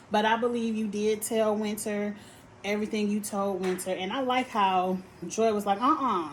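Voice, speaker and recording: A woman gives an opinionated reality TV recap, sassy and animated, scolding the cast as if they could hear her. Her voice sits in a middle register. A faint hiss runs under the recording. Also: mid-range voice, low-quality recording. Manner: sassy, animated, talks straight to the people on the show.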